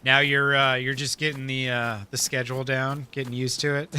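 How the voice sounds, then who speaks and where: A man's voice: medium pitch, little pitch movement, normal speed, sharp tone, a little hiss or hum. A man live-streaming a survival game, chatting casually with his viewers, laid-back, laughing often and swearing freely.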